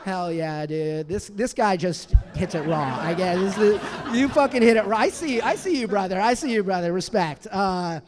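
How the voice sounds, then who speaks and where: A man's voice: sits high, normal speed, few pauses, a crowd in the background. A man in his thirties doing a stand-up comedy set on a club stage, rambling and self-deprecating, with lots of restarts and fillers. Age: 30s.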